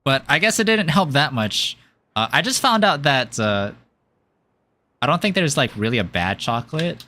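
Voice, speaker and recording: Lively, bright-voiced rambling male streamer. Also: medium pitch, normal speed. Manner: rambling and giggly, with many fillers. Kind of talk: casual chat while playing a game.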